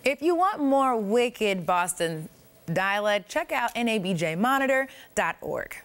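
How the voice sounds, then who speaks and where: A woman's voice: medium pitch, very animated, measured pace, fairly bright tone. A young woman co-anchoring a student newscast, playful and laughing as she teases her co-host. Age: young adult. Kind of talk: casual newscast banter.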